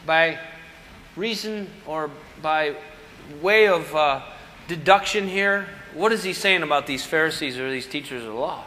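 A man delivers a sermon in a high, bright voice. He talks in a conversational way, asking questions and answering them himself. The sound carries a long reverb from a large hall. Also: moderate pace. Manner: conversational preaching with rhetorical questions. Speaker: pastor.

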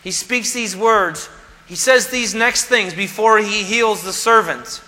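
A male pastor preaching emphatically in a church sanctuary, his voice high for a man and strikingly bright. He acts out the voices he quotes, and a long hall reverb hangs behind every phrase. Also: takes it slowly. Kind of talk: sermon.

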